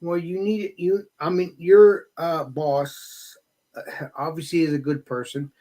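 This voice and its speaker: Man, podcast host, slightly higher voice, halting speech with restarts. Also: level tone, dark tone. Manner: halting, restarts, brief backchannel replies. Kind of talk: casual podcast chat.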